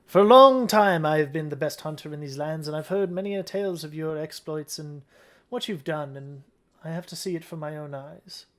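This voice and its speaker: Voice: medium pitch, moderate pace, natural voice. A game master voicing a proud male hunter who founded a town, boastful and challenging in a tabletop game. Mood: formal challenge.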